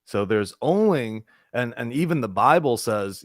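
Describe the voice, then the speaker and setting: A man's voice: medium pitch, expressive, a little slow, hardly any pauses, no room sound, clean studio sound. A man hosting an online spiritual discussion group, talking casually and earnestly with repeated, searching phrases. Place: online group video call.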